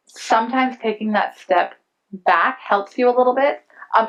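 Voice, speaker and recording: Woman speaking on a muffled lo-fi recording. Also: medium pitch. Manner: thoughtful, frequent "like" fillers. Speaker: conference panelist. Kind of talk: casual Q&A discussion. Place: conference room.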